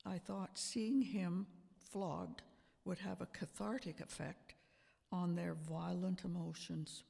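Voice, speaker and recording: A man's voice: high-pitched, little pitch movement, creaky, warm tone, slightly rough, exaggerated voice. A man playing Pontius Pilate, a defensive Roman governor justifying himself on the witness stand in a church play. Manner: slow, deliberate, emphatic storytelling. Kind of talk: amateur church drama. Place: church sanctuary. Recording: long church hall reverb.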